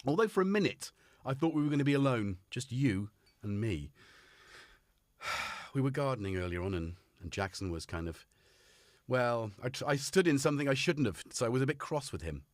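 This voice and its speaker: A man's voice: mid-range voice, big pitch swings, fairly quick, dry recording. A British man hosting a casual live stream from his home studio, chatty and jokey as he greets viewers by name. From United Kingdom. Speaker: host. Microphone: headphones on, studio mic.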